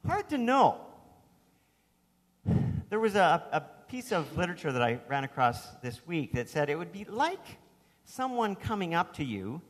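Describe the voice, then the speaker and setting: A man delivers a sermon in a conversational storytelling way, with asides to his listeners. His voice sits high and swings widely in pitch. The sound carries a long reverb, as from a church hall. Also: very animated, normal speed, pauses often. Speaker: preacher.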